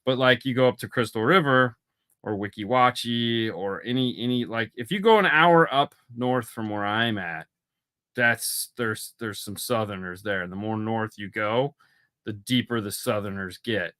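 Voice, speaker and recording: Male co-host, Florida-raised, animated storyteller, bright and crisp voice. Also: fairly low pitch, moderate pace. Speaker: podcast co-host. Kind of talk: casual chat.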